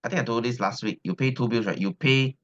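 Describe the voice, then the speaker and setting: A Selangor-based Malaysian science teacher keeps up loose class banter in Malaysian English, repeating himself and asking "right?" over and over. His mid-range, fairly bright voice moves quickly. It's captured in a dull, lo-fi recording.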